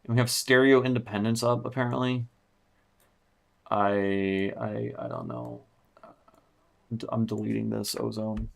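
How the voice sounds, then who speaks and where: A young man with a lowish, gravelly voice talks through his music mix on a live stream, muttering and swearing as he works. Keyboard typing sounds sit behind his casual, frustrated running commentary. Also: little pitch movement, measured pace, pauses often, slight background noise. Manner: frustrated, swearing, thinking aloud while tweaking. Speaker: music producer streaming his mixing session.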